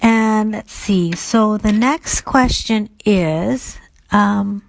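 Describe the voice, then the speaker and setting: Very slow and marked by vocal fry, a middle-aged woman with a mid-range voice casually takes listener questions on recovery by herself. She's reflective, often stumbling into fillers and starting over.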